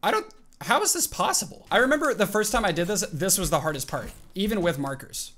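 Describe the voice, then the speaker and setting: A man giving live commentary while playing a video game, excitable and reactive, bursting into yelps and shouts. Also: high voice, fast talker. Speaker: gaming channel host.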